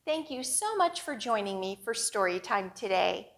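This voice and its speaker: A woman, a children's librarian, leading a storytime with a slow, sing-song, animated storyteller voice. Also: mid-range voice.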